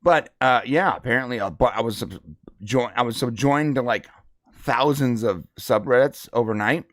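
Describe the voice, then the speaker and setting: A man's voice: mid-range voice, no echo, studio quality. Rambling male podcast co-host. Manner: rambling, halting with many fillers. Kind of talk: casual chat.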